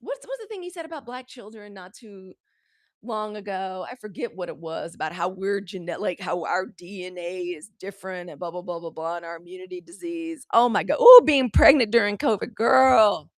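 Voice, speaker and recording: A woman runs a live news commentary show and riffs casually to her viewers. Her talk is blunt, exasperated and salted with profanity. Her voice sits at a middle pitch and sounds dry and close, with little room echo. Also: normal speed. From United States.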